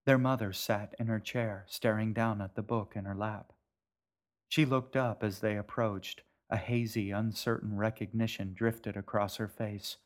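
A man, the author, narrating his own story in a gentle, measured way. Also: on the low side, fairly even intonation. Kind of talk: audiobook narration.

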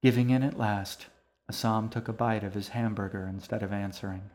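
A man narrating a story for an audiobook in a calm, measured way. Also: on the low side.

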